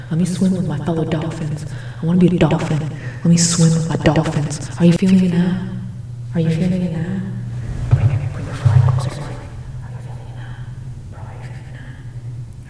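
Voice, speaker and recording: A woman's voice: low voice, dark tone, distant mic, a little hiss or hum, close to an everyday voice. A woman playing a laid-back groovy 1960s hippie man in an ASMR role-play, rambling and drawling. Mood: mellow. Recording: echoey room, off mic.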